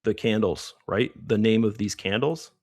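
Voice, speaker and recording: Low-voiced chatty man calling trades. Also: moderate pace, no echo. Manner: chatty, keeps asking "right?". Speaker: trading stream host. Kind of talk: live trading commentary.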